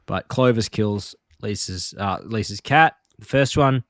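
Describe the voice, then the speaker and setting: A man's voice: fairly low pitch, measured pace, dry recording, clean studio sound. Rambling male podcast co-host. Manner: rambling retelling of episode plots, many fillers. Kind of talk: casual chat.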